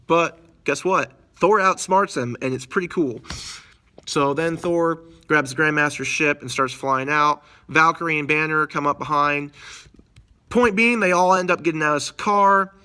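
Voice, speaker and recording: A man casually recapping a movie in a review, rambling and excited, full of slang. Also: a little high, normal speed.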